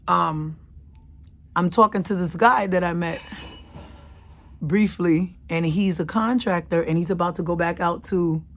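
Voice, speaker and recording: A slightly bright, lowish female voice belongs to a channel host in her thirties. Her personal story comes out casual and emphatic, with phrases repeated to drive points home.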